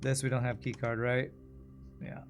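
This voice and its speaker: A man's voice: mid-range voice, little pitch movement, moderate pace, soft background music. A man streaming a puzzle game, muttering and thinking aloud to himself and his chat. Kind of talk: casual gameplay commentary.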